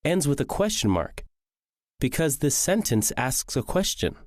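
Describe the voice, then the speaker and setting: A man narrating a scripted English lesson, reading slowly and clearly. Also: mid-range voice, sing-song, no room sound, clean studio sound. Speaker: English teacher.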